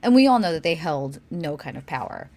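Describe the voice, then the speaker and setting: A woman co-hosts a casual livestream Q&A in a lowish voice that swings widely in pitch. She is animated and brash, laughing often and swearing freely. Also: brisk. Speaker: co-host of a Q&A stream.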